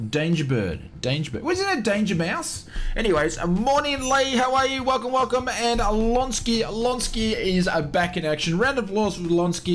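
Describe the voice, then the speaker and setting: A high-pitched Australian man streams a flight simulator live, chatting casually and greeting viewers by name one after another.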